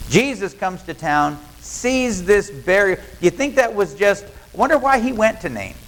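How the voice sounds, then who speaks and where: A man's voice: high voice, very animated, measured pace, low-quality recording. A male pastor, preaching a sermon in a folksy storytelling way and acting out what people in the story say. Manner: folksy storytelling, acts out quoted lines.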